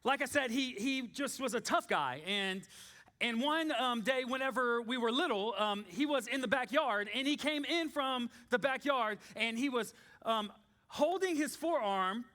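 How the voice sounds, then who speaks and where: A man, preaching a sermon in a church in a casual, animated storytelling way with many fillers. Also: very high-pitched, a little slow. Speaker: pastor.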